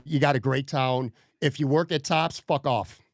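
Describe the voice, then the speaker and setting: A podcast host with a mid-range voice, fairly even intonation and normal speed tells a story in a profane, heated casual rant. It's studio quality with no room sound.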